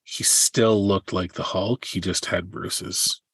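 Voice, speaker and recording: A middle-aged man co-hosts a family podcast, chipping in with dry, teasing remarks and quick wrap-ups. His voice is very deep and a little husky. The sound is close, with no room in it. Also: steady tone, dry recording. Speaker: podcast co-host. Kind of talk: casual chat.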